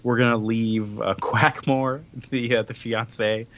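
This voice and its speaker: A man co-hosting a casual podcast, retelling a comic story with quick put-on voices for the characters. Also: mid-range voice, flat delivery, a bit bright, lo-fi sound. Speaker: podcast co-host. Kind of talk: casual chat recapping a comic.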